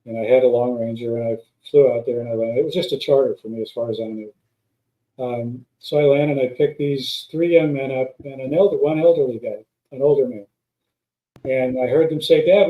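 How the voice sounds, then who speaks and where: A man's voice: mid-range voice, mellow. A man, a guest pilot, telling long rambling anecdotes in a casual chat, with many restarts. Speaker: guest, former stunt pilot. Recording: roomy echo.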